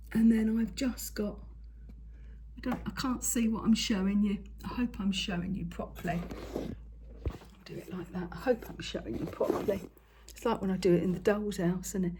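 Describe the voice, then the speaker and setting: An older woman with a husky voice, chatting casually to camera about her crafts as she walks around her kitchen holding the phone. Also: medium pitch, darkish tone, slight background noise. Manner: chatty, rambling, talks to her cat and viewers. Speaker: craft vlogger. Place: home kitchen, indoors.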